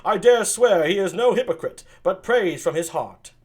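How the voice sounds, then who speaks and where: A man's voice: high voice, expressive, normal speed, voice pushed up. A man reading aloud and voicing a confident, hearty prince in a declamatory way.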